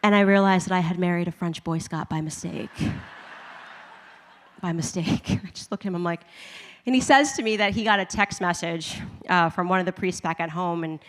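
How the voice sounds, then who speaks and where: A woman speaks to a live crowd, telling a personal story in a chatty, humorous way and often laughing. Her voice sits on the low side. A long reverb trails each phrase, as in a large event hall. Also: brisk. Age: adult with a husband and kids. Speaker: speaker giving a conversion testimony.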